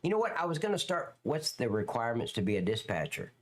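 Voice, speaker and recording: A middle-aged man in an ordinary, middle-pitched voice holds forth in a casual livestream chat. He talks bluntly and swears freely, his pitch leaping up and then dropping back down as he rants and answers viewers. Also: very animated, quick pace. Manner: blunt, crude ranting with big swings in pitch. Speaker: livestream host and former police officer.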